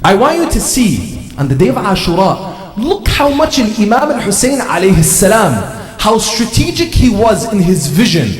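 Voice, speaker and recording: A man delivering a sermon to a gathering, driving his points home with rhetorical questions and repeated phrases. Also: sits high. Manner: rhetorical questions, repetition for emphasis. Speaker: religious speaker. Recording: echoey hall, voice from far off.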